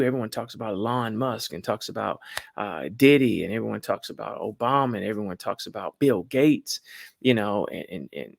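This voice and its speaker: A man giving lively marriage advice to a crowd, folksy and animated, often calling out to the audience. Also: on the low side, fairly quick, vocal fry, no room sound. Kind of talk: lively talk to a live audience.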